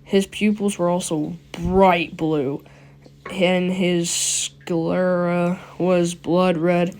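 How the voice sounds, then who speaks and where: A woman's voice: on the low side, level tone, drawn-out words, darkish tone. A woman reading a creepypasta casually, giggling and breaking off to comment on the story. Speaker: creepypasta narrator.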